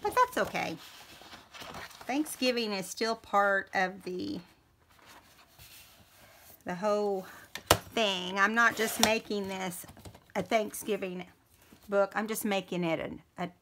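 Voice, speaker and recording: A woman, chatting while she works through a paper-crafting tutorial. She thinks aloud as she goes and keeps clearing a scratchy throat. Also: medium pitch, takes it slowly, pauses often. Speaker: crafting video host.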